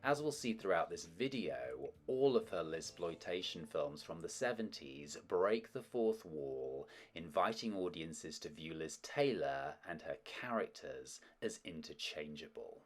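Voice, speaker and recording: Brief: low-pitched male host, scripted narration, wry asides. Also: expressive, measured pace, hardly any pauses. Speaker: host of a film history channel.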